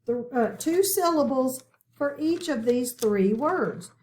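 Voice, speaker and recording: A woman's voice: sits high, lively intonation, slow pace, darkish tone, a little hiss or hum. A woman teaching a recorded phonics lesson, patient and checking in often with her listeners.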